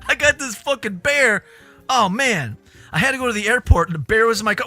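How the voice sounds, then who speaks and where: Man, casual reaction chat, incredulous, bright, animated. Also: very high voice, moderate pace, long pauses, soft background music. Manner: incredulous, laughing, profane. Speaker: streamer.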